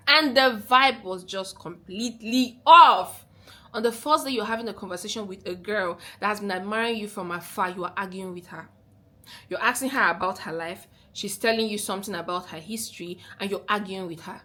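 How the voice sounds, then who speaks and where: A woman giving relationship advice in a fast, animated, casual talk to camera. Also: mid-range voice. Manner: fast, animated talker who rushes her words.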